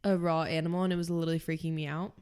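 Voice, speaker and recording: Young female podcast co-host, casual chatty delivery, a touch low-pitched. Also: little pitch movement, rapid-fire, a little mellow, smooth. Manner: chatty, many "like" fillers. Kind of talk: casual chat.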